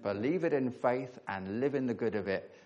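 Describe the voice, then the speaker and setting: A man preaching a sermon, earnest and emphatic, leaning hard on key words with pauses between phrases. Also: medium pitch, darkish tone, highs cut off.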